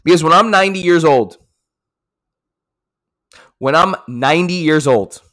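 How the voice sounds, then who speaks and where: A man talks through his race in a casual podcast recap, his pitch swinging up and down with lots of energy. He gets pumped up, repeats lines for emphasis and drops swear words. He sounds like an athlete reliving a hard-won result. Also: animated, a little slow, a bit bright.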